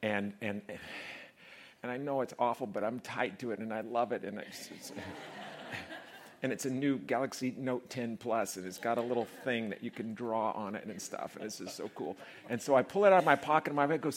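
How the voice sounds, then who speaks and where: Animated male pastor preaching. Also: mid-range voice, moderate pace. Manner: animated, building to shouts and laughing with the congregation. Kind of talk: sermon. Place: church before a live congregation.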